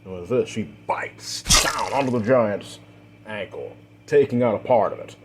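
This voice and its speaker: Low-voiced male storyteller. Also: moderate pace, slight background noise. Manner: repetitive linking phrases, swelling on action beats. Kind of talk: dramatic fiction narration.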